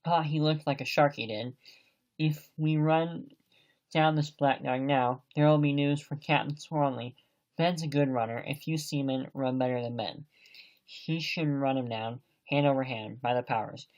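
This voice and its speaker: A man reading aloud as a crafty, blustering one-legged tavern landlord in an audiobook, speaking loudly and sternly. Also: on the high side, measured pace, lo-fi sound. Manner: loud, stern scolding.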